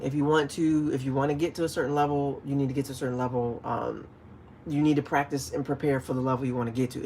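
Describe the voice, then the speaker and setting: Animated man ranting on a livestream. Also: a little high, a little hiss or hum. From DC, Maryland, Virginia area. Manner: animated storytelling, acts out shouted calls. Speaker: fishing livestream host. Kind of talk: casual livestream chat, reading viewer comments.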